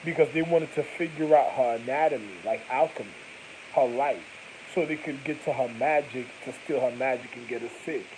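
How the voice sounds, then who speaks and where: A man's voice: medium pitch, a little fast, background noise. A man rambling through a casual monologue, profane and slangy, jumping from one thought to the next.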